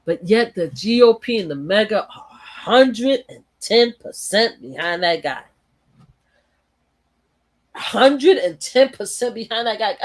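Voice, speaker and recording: A woman's voice: medium pitch, lively intonation, measured pace. A woman hosting her own channel, giving blunt, profane and heated commentary with bursts of laughter. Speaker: channel host. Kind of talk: casual political commentary. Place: home in New York.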